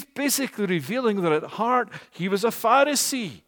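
A man from Scotland, preaching a storytelling sermon, animated and rising to loud emphatic peaks. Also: sits high, fairly quick, hardly any pauses. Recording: long hall reverb.

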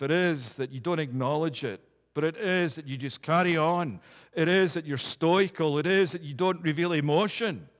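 A man delivers a sermon in a slightly high voice, building emphatic repeated phrases that climb in force. His voice rings out with a long reverb tail, as in a large church hall. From United Kingdom. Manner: emphatic, building repeated declarations to a rising pitch. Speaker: preacher.

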